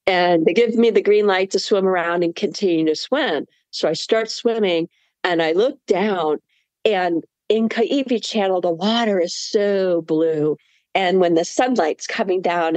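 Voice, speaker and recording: Animated woman telling a swim story. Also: lowish voice, no echo. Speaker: marathon swimmer guest. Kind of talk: storytelling interview.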